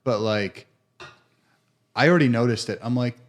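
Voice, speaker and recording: A man's voice: medium pitch, moderate pace. A man co-hosting a casual podcast, wry in tone and swearing casually. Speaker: podcast co-host. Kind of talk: casual chat.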